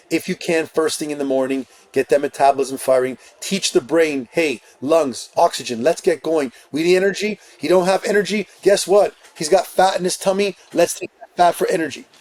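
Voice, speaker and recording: Male fitness coach, upper-middle pitch, punchy and emphatic delivery on a podcast. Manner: energetic, emphatic listing of points. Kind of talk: podcast interview.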